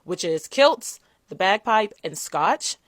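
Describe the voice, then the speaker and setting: A woman from the United States vlogs straight to camera in a chatty, direct way, full of "like" and "um." Her voice sits at a middle pitch. It is recorded close and dry on a phone. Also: lively intonation, slow, a bit bright, dry recording. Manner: chatty, direct, lots of fillers like "like" and "um". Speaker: vlogger. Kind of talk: casual commentary to camera.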